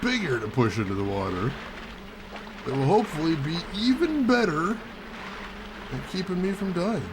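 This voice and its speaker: Man, gaming channel host, wry joking commentary, somewhat high voice, very animated pitch, noisy recording. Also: a little slow. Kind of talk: let's play commentary.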